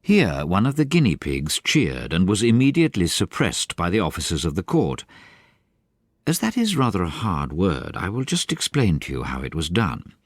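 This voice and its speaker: Man, audiobook narrator, very deep bass voice, lively storytelling, dry close recording. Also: no echo. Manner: animated, varied storytelling.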